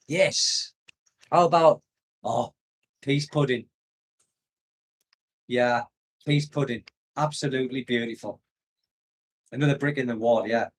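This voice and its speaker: A man's voice: medium pitch, a little slow, long pauses, husky. Rambling British expat man. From United Kingdom. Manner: rambling, nostalgic, laughs often. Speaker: expat vlogger reading live chat. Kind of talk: casual livestream chat. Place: home in the Philippines.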